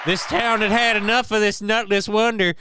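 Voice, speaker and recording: A man voicing an over-the-top action-trailer narrator, loud, dramatic and mock-heroic. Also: high-pitched, fairly even intonation, moderate pace, noisy background, pitched above the performer's own voice, natural voice.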